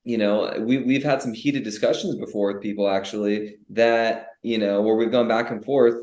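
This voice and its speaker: A young man co-hosting a business podcast, animated and full of rhetorical questions, often restarting his sentences. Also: lowish voice, normal speed. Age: young adult. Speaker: podcast co-host. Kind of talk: casual business podcast chat. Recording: echoey room.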